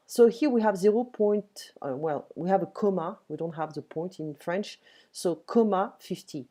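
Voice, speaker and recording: A woman teaching a beginner French lesson online, patiently explaining and reading dialogue lines slowly and clearly. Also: fairly low pitch, mellow.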